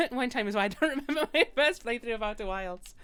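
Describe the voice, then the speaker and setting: A woman's voice: a little high, expressive, a little fast, a bit bright, smooth. A young British woman chatting casually while streaming a game, rambling and laughing often. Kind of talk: casual gaming stream chat.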